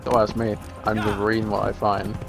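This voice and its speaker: A young man co-hosting a gaming stream, telling corny jokes in a deadpan way. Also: fairly low pitch, brisk, creaky. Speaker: co-host of a gaming channel. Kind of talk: casual let's-play banter. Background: game music.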